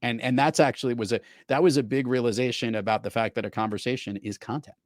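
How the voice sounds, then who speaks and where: A man's voice: medium pitch, fairly even intonation, quick pace, dry recording. Middle-aged male podcast host, storytelling chat, dry close mic. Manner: chatty, storytelling. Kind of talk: casual chat.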